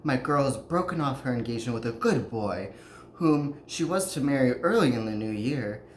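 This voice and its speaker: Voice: medium pitch, a little mellow, close to an everyday voice. A podcaster voicing a distraught, anxious 1930s mother pleading to get her daughter back. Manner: theatrical pleading read with a put-on accent. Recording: roomy echo, faint noise.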